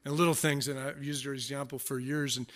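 A man's voice: medium pitch, steady tone, fairly quick, a bit bright. A middle-aged man preaching a sermon, telling stories with self-mocking humor in a conversational way. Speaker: pastor.

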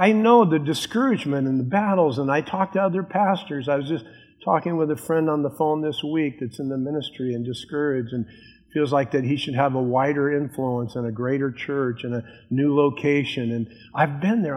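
Older pastor preaching in a reverberant hall. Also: male voice, fairly high pitch, moderate pace, husky. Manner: earnest preaching, repeats key phrases. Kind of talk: sermon.

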